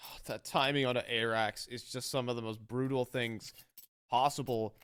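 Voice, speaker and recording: A man casting an esports match play-by-play, building to excited shouts on big plays. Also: medium pitch, normal speed, smooth. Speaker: esports caster. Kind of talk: live play-by-play commentary. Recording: game audio and noise behind. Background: game gunfire.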